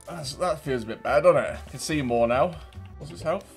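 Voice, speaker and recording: Male British gamer-host, slightly high pitch, joking and crude banter over light music. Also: brisk. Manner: bantering, swearing, laughing often. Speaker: game streamer. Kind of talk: casual gameplay commentary.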